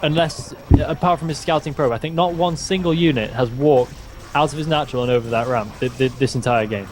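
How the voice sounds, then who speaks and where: A man's voice: mid-range voice, brisk, darkish tone, a little hiss or hum. Chatty young male game caster. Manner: chatty, teasing, stumbles and restarts words. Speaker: esports caster. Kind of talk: casual game commentary.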